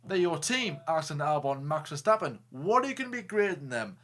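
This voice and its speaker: A man co-hosting a casual racing talk show, joking, animated and stumbling over restarts. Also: a little high, fairly quick. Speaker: co-host. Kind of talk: casual chat.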